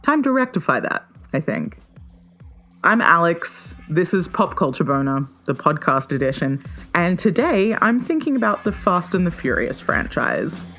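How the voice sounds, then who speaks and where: A woman hosting her own podcast, talking solo in a playful, enthusiastic way and often jumping up in pitch with excitement. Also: normal speed, faint music behind. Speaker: podcast host.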